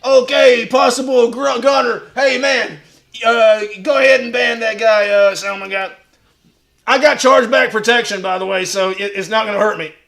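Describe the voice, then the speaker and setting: A man with a strikingly high, gravelly voice holds forth like a wrestling promo on his own livestream. He is boastful and foul-mouthed, and he breaks into shouts. His tone is bright and forceful. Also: steady tone, normal speed. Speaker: livestream host in a wrestler persona. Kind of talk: brash wrestling promo talk.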